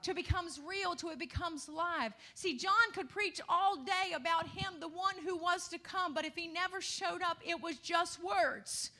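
Woman preacher, high and bright, chatty asides that build to shouted emphasis. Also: moderate pace, few pauses. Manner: rising to shouted emphasis, calls of hallelujah; conversational asides to the congregation. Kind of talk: sermon.

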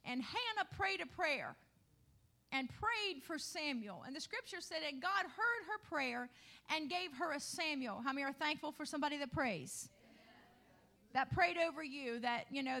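A woman's voice: high voice, animated, moderate pace, sharp tone. A middle-aged woman pastor preaching a sermon, putting rhetorical questions to her congregation.

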